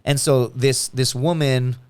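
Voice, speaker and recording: A man guest on a podcast, telling stories in a casual, animated and profane way, acting out other people's lines. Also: medium pitch, slow, clear, resonant tone. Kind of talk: casual storytelling chat.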